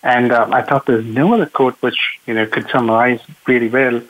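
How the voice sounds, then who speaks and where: A man calling in as a panel guest, speaking earnestly and haltingly with many fillers, over a tinny phone line. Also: mid-range voice, fairly even intonation. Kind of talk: casual remote discussion.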